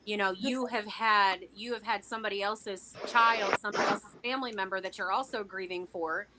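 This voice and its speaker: A woman's voice: mid-range voice, fairly even intonation, fairly quick. A woman co-host speaking reflectively and supportively, repeating phrases as she makes her point. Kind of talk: conversational interview. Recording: loud background noise with clicks.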